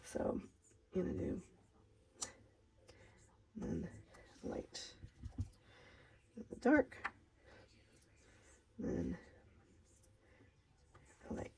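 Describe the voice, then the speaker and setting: A woman's voice: extremely slow, long pauses, slight background noise, poor audio. A woman with a Minnesotan accent, talking casually through a stamping craft tutorial in a chatty, rambling way, often laughing at herself. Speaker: craft demonstrator.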